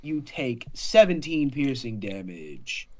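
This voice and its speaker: A man's voice: mid-range voice, big pitch swings, takes it slowly, a little mellow, poor audio. A man running a tabletop game as dungeon master, narrating monster attacks in a casual, joking way with some swearing.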